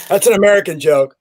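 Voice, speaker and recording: A man's voice: sits high, darkish tone, no echo. A middle-aged man from California, chatting casually as a podcast guest and telling jokey, rambling stories. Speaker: guest magician and stuntman. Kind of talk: casual interview chat. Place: home in California.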